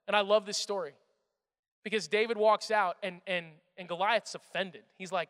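A young man preaching a sermon, telling a story with energy and swinging between loud and hushed delivery. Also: sits high, fairly even intonation, normal speed. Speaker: pastor. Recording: echoey hall.

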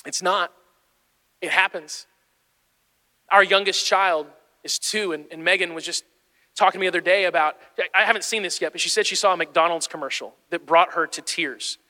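A man in his thirties preaches with a high, bright voice, moving from easy storytelling to urgent, animated exhortation. His words ring out with a long hall reverb around them. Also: moderate pace, long pauses. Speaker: pastor. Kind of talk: sermon.

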